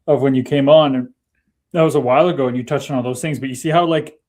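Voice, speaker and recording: A man hosting a casual livestream, chatting in a relaxed way and reading out viewer comments. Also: medium pitch, fast talker. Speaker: stream host.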